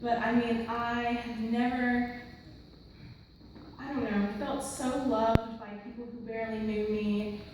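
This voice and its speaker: A woman's voice: a little high, little pitch movement, takes it slowly, noisy background. Tearful young woman in an echoing church. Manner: earnest, rambling with many fillers. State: close to tears. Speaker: church member giving testimony. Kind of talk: mission trip testimony. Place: large church sanctuary. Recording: echoey hall from far off.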